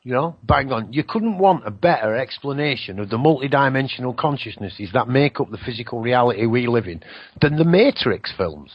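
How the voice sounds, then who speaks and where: A husky-voiced man talks on his radio show, his pitch rising and falling in lively swings. He rambles through spiritual musings, drops the odd swear word and mocks other people's voices. The broadcast sounds dull and lo-fi. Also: a little fast.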